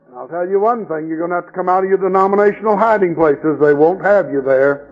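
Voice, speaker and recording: Speaking in a high voice at a quick clip, a man preaches at a camp meeting, spinning folksy stories and mocking the folks he describes with imitated voices. The highs are cut off in the recording.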